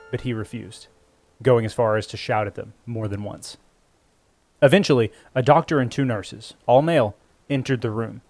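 A man narrates a story in a measured, even storytelling manner, with a voice of ordinary middle pitch. A quiet musical score plays beneath him throughout. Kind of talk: scripted audiobook narration. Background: faint music score.

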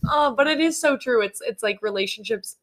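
A woman co-hosting a podcast in casual chat, joking and quick to laugh along. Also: a little high, lively intonation, fairly bright tone, low-quality recording. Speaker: podcast co-host.

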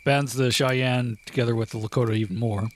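A man's voice: medium pitch, steady tone, brisk, a little hiss or hum. A man co-hosting a podcast, telling history in a laid-back, profane way with lots of filler. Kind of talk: casual profane history chat.

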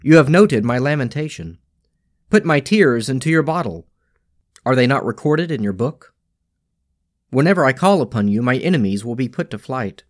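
A man's voice: mid-range voice, animated, dry recording. Solemn male scripture reader, dry sound. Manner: measured, solemn reading. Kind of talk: reading a daily lectionary.

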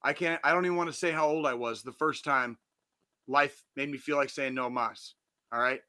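A man's voice: a little high, fairly even intonation, brisk, bright, forceful tone, smooth. A man in his forties hosting a podcast, giving a blunt, heavily profane but earnest motivational pep talk. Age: 40s. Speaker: podcast host. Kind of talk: casual motivational monologue.

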